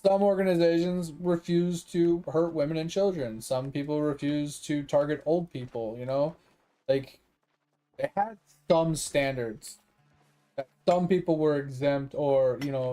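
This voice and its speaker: Mellow-voiced man streamer, casual and profane, rambling chat over faint music. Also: medium pitch. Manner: profane, rambling, laughs often. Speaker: gaming streamer.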